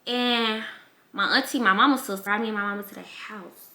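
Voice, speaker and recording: A woman's voice: mid-range voice, brisk. A young woman, candidly telling a personal story in a casual vlog and acting out her relatives. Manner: candid, emotional, animated quoting of relatives. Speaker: vlogger. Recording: echoey room.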